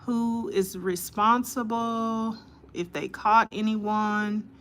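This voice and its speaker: A woman live-streaming as a host, reading news reports aloud haltingly with many fillers and greeting her viewers by name. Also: fairly high pitch, steady tone, fairly bright tone.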